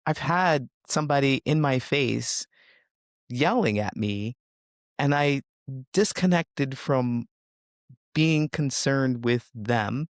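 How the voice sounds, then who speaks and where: A man, a coach, talking reflectively in a podcast interview and sometimes acting out inner thoughts in a higher voice. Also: dry recording, studio quality. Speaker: social connections coach.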